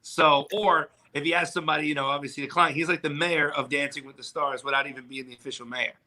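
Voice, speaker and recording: A man co-hosting a casual chat, telling animated stories and mimicking others. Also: quick pace. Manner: animated storyteller, mimics others in high voices. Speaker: podcast co-host.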